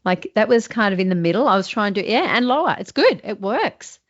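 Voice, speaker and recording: A woman host taking accent coaching, answering eagerly with quick, upbeat affirmations. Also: mid-range voice, sing-song. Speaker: show host and actor. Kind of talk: one-on-one coaching session. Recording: dull lo-fi recording.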